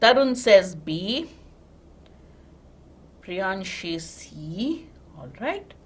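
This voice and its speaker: A woman's voice: medium pitch, big pitch swings, drawn-out words, husky. A woman with an Indian English accent teaching a live online vocabulary class, explaining step by step and checking in with students.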